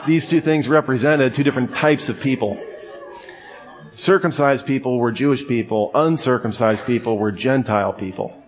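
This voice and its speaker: A man's voice: mid-range voice, normal speed, a faint crowd. A man preaching a sermon in a conversational way, with joking asides. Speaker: pastor.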